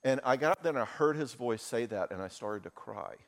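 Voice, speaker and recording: A man's voice: mid-range voice, expressive, fairly quick. Candid man speaking in a reverberant hall. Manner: candid, storytelling, emotional. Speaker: conference speaker. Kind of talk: talk with audience Q&A. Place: conference hall.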